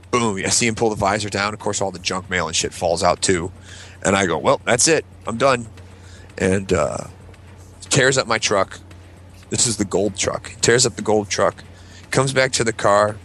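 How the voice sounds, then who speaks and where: A man casually telling a story on a podcast, swearing freely and acting out what people said. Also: fairly low pitch. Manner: animated, swears freely, acts out quotes. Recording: faint background noise.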